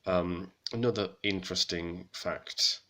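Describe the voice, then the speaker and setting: A man giving a casual, hesitant lesson on an old text, with many pauses and self-corrections. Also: low-pitched, fairly even intonation, bright, forceful tone. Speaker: hobbyist presenter of Old French texts.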